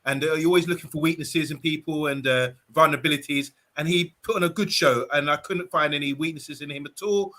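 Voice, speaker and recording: A man's voice: a little high, fairly quick, few pauses, bright, forceful tone. A man hosting a casual fan panel chat, chatty and promotional with fillers. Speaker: show host.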